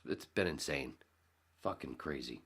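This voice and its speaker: A man's voice: rumbling low, lively intonation, measured pace, a bit bright, breathy edge. A man hosting his own podcast, rambling casually and sarcastically, swearing freely. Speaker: podcast host. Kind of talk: casual solo podcast talk.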